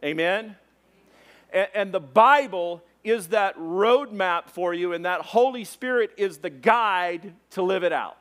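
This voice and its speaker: A man preaching a sermon, telling a personal story with lively, animated delivery and raised voice for exclamations. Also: sits high, a little slow. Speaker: pastor.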